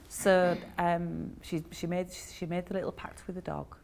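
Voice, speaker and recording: A woman's voice: lowish voice, little pitch movement, measured pace, hardly any pauses, darkish tone, slight background noise. A woman, a therapist giving a chatty storytelling talk to an audience, with frequent ums.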